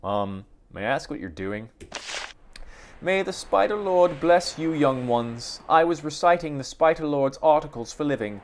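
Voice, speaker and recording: A man doing a shrill old spider preacher. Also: animated, a little slow, a little hiss or hum. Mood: mock-solemn. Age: older. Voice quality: shrill, high-pitched. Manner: solemn then babbling. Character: shrill old female spider teacher, pious, rambling.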